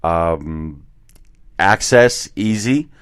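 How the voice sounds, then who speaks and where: A man's voice: sits low, very slow, clean tone, dry recording. A man co-hosting a podcast from a hotel room, chatting casually and laughing as he tells stories. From Florida. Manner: laughing, animated storyteller, plays up a lost voice as a joke. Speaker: podcast co-host. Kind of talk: casual chat.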